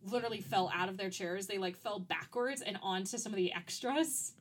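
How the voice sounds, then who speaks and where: A woman's voice: medium pitch, brisk, a little hiss or hum. Chatty woman podcast co-host. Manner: chatty, frequent "like" fillers, laughs easily. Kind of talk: casual chat.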